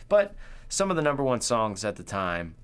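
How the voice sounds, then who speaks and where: Laid-back low-voiced joking man. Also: very animated, normal speed, a bit bright, clear, resonant tone. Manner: loose, profane, joking, puts on voices in retellings. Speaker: podcast co-host. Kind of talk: casual chat.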